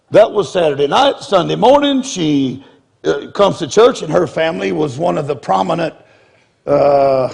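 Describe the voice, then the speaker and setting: A man's voice: fairly high pitch, creaky, a little hiss or hum. A man preaching in a humorous storytelling style, blunt and self-mocking, often laughing as he talks. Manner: blunt, confrontational delivery.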